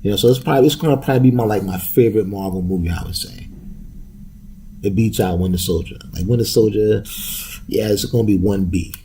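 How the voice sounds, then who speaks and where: A young man rants casually on his podcast in a dark, mellow voice with a gravelly edge. He swears freely and laughs his way through it, all in loose slang. A faint hiss of noise sits under the recording. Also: on the low side, quick pace. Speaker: podcast host. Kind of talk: casual profane rant.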